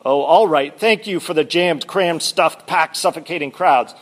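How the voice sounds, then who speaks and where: An exasperated woman prisoner, doubting and reluctant, as a man reads her lines aloud from a book. The voice sits somewhat high and sounds pleading and strained. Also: a little slow. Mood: grudging.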